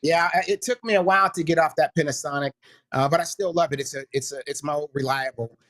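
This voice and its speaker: A man's voice: a little high, fast talker, fairly bright tone. A man guesting on a casual video call from his upstairs home office, speaking into a studio condenser mic, enthusiastic and slangy. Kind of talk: casual video-call chat about gear.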